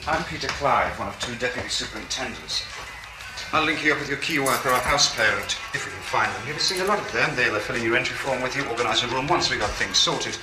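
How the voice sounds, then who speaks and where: A man's voice: medium pitch, animated, quick pace, distant mic, natural voice. An actor playing a fussy, hesitant male deputy superintendent at a care home in a film drama. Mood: officious. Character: flustered officious male care-home administrator. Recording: echoey noisy old film soundtrack.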